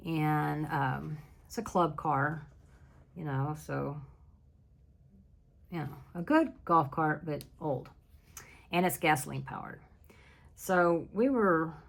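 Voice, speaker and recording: A middle-aged woman hosts a relaxed chat, telling a story with a low, gravelly voice. She laughs easily and jumps into lively voices when she quotes people. The talk rambles along in a friendly, conversational way. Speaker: craft channel host.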